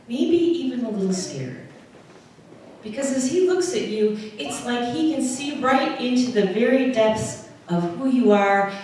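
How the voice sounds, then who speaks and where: A woman preacher slowly spins a vivid story, putting her listeners right into the scene. Her voice echoes heavily around the church, picked up by a mic some way off. A faint noise sits underneath. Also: mid-range voice, a little mellow, recorded from a distance. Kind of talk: sermon, retelling a scripture story.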